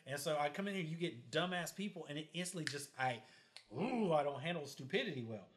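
Casting: slightly high-voiced man, blunt and profane, casual storyteller. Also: expressive, fast. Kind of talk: casual chat.

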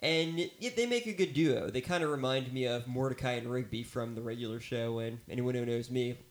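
Mid-pitched man making dry jokes. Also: a little fast. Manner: dry, joking asides with many fillers. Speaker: movie review co-host. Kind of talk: casual chat.

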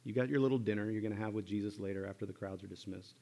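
A man preaching a sermon in a church, conversational and animated, acting out lines from a Bible story. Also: on the low side, rapid-fire, dull audio. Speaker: pastor. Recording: church hall with long reverb.

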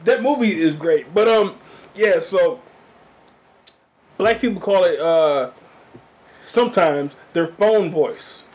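A man's voice: high-pitched, lively intonation, takes it slowly, pauses often, a little mellow. A man co-hosting a loose, joking casual chat. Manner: loose and joking, slips into impressions.

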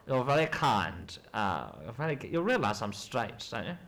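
A man, an actor in a mock interview, rambling and hesitant with a deadpan delivery. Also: medium pitch, measured pace.

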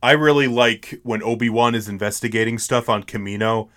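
A man's voice: medium pitch, brisk, a bit bright. Young guy cohosting a chill podcast, chatty, laughs a lot. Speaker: podcast co-host. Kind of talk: casual chat.

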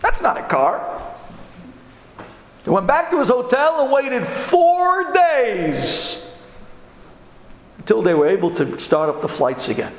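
A man, a rabbi, telling a story in an animated, dramatic sermon style. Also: very high-pitched, measured pace. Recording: echoey hall with long reverb.

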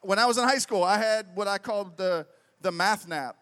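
High-voiced man preaching animatedly. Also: fairly quick, clear, resonant tone. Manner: animated, conversational, keeps asking "right?". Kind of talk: sermon with storytelling.

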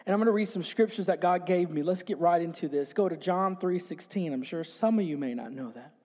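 A man with a notably high voice delivers an excited sermon, jumping about as he speaks and getting the small congregation to repeat his lines. His voice rings with a long reverb off the walls of the church hall. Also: a little fast. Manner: call-and-response with congregation. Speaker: pastor. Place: small church with few people.

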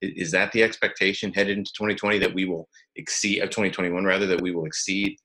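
A male host with a very deep voice asks a long, careful question. He sets out the numbers first in a measured tone, then gets to the question. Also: flat delivery, pushed and bright. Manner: measured, lays out figures before asking. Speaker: interview host.

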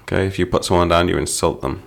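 Middle-aged male teacher, very low creaky voice, patient explainer of lyrics. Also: fairly even intonation, fast. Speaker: English teacher. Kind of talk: explaining song lyrics to learners.

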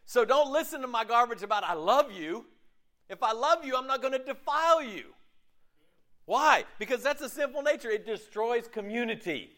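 A man preaching a sermon as pastor, animated and chatty, acting out quoted voices and laughing at himself. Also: extremely high pitch, normal speed.

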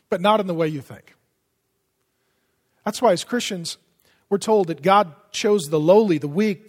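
A high-voiced man preaches with lively energy, jumping from loud bursts to near-whispers. His voice rings out with a long echo from a big hall. The delivery is a pastor's sermon, punchy and conversational. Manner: animated, swings from loud to hushed. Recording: long reverb of a large hall.

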